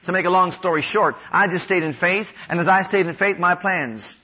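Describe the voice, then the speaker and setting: High-voiced preacher man, lo-fi sound. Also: moderate pace, breathy edge. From Ohio, USA. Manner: has the congregation repeat declarations after him; rises louder and higher on repeated declarations. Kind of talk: sermon. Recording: dull lo-fi sound.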